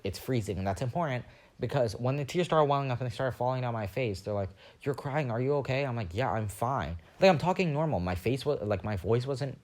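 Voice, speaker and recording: A young man hosting a podcast, telling a rambling story in a casual monologue and acting out the other people's voices. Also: mid-range voice. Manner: animated, rambling, acts out quoted voices. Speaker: podcast host.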